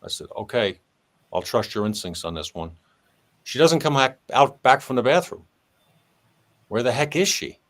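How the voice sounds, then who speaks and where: A man tells a story from his police days, mid-pitched and conversational. He acts out the dialogue and shifts his voice for each person he quotes. The delivery stays animated but unhurried. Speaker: retired police sergeant telling a story.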